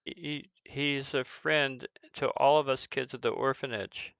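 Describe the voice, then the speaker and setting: A man's voice: mid-range voice, steady tone, a little slow, vocal fry, a bit bright, smooth, dry recording, muffled recording, voice pushed up. A man doing a stammering timid orphan boy. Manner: stammering, hesitant.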